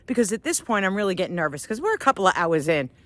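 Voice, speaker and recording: A middle-aged woman vlogger tells a story while walking outdoors, animated and self-mocking and often laughing. Her voice is medium-pitched, she talks at a racing speed, and the recording sounds dry.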